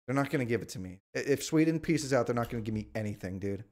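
A man streaming a strategy game, complaining in exasperated, whiny outbursts and sometimes shouting at the screen. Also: medium pitch, animated, quick pace. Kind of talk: live gameplay commentary.

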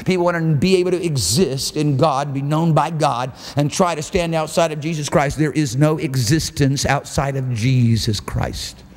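Guy preaching hard at church, kinda high voice, long echo off the hall, faint hiss. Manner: fervent, emphatic preaching with drawn-out phrases. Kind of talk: sermon. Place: church service.

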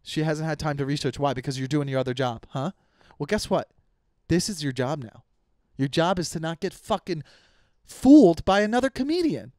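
A man's voice: on the high side, brisk, no echo, studio quality. A young man hosting a comedy podcast, ranting casually with heavy swearing and frequent stumbles and restarts. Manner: profane, rambling with many restarts. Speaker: podcast host.

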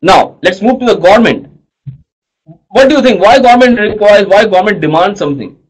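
A man teaches an economics lesson in a high, light voice. He coaxes his students along and keeps pausing to check that everyone has understood. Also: animated, slightly rough, rough recording. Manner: coaxing, checks understanding often. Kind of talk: online class lecture.

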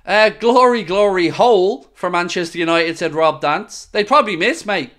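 A man's voice: sits high, normal speed, fairly bright tone. A man hosting a live football watchalong, chatty and upbeat as he reads out viewer messages. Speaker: fan channel host.

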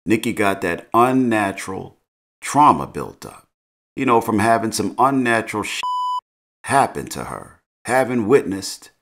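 A man's voice: on the low side, big pitch swings, measured pace, a bit bright. A middle-aged man casually recapping a TV episode in slangy, laid-back talk, laughing at his own jokes. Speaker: show recap host.

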